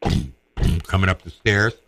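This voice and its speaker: Deep-voiced middle-aged man telling a story. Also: fairly bright tone, no echo, soft background music. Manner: conversational, halting restarts, acts out quotes. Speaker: storyteller guest. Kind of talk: casual personal storytelling.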